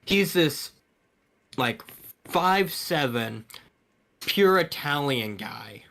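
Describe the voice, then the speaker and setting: A young man co-hosting a podcast, telling stories in a lively, casual way. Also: a little high, very slow, vocal fry. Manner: animated storytelling, acts out quoted voices. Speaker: podcast co-host. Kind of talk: casual chat.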